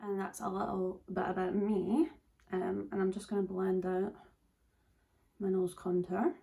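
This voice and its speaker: A woman's voice: mid-range voice, flat delivery, measured pace, vocal fry, mellow. A nineteen-year-old Scottish woman chatting casually through a makeup tutorial, full of fillers and dropping into whispers at times. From Scotland. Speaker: beauty vlogger.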